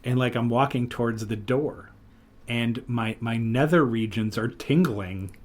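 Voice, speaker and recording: A man hosting a podcast, chatting casually and telling stories with lively, animated retellings. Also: medium pitch, unhurried. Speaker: podcast host. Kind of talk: casual chat.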